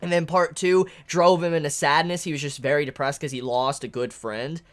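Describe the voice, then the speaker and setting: A manga reviewer reacting aloud while reading a chapter, thinking out loud, restarting sentences and breaking into delighted shouts. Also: medium pitch, steady tone, fairly quick.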